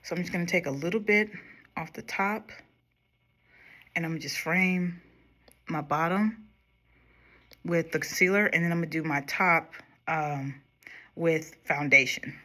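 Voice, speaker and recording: A young woman casually chatting to her viewers while doing her makeup, going quieter as she concentrates. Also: deep voice, unhurried, long pauses. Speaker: makeup vlogger. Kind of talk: casual makeup tutorial chat.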